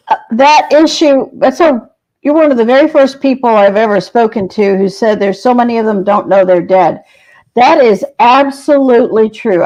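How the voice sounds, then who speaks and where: A woman's voice: fairly high pitch, a little mellow. A woman guest on a podcast telling spiritual stories in an earnest, compassionate way, recorded with dull lo-fi sound. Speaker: shaman guest.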